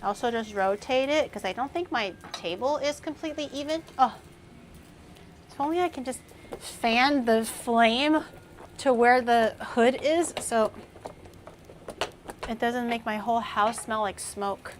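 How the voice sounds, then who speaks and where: A woman's voice: fairly high pitch, measured pace, pauses often, a little hiss or hum. A young woman chatting casually on a cooking livestream, thinking aloud and snapping back at her chat. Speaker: cooking streamer.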